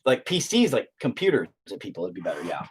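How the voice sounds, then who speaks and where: A man's voice: low-pitched, huge pitch swings, fast, breathy edge. A man chatting casually while he paints, rambling and joking with frequent swearing. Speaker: painting streamer.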